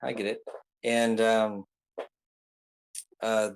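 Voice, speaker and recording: A man's voice: lowish voice, little pitch movement, drawn-out words, slight background noise, poor audio. A man casually recapping a story, rambling with many ums and uhs and throwing in joking asides. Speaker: video creator recapping an anime arc.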